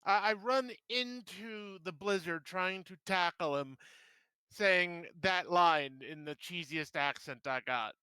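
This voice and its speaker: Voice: mid-range voice, takes it slowly, pushed and bright, clear, resonant tone, no room sound. A player in a casual tabletop game, eager and joking along with the table.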